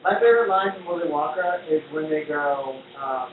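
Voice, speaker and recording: A man's voice: on the high side, normal speed. A man hosting a casual cooking show, chatty and playful, joking as he cooks in a kitchen. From United States. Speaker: host cooking on a live stream. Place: kitchen indoors. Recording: distant echoey lo-fi phone-like live stream with noise.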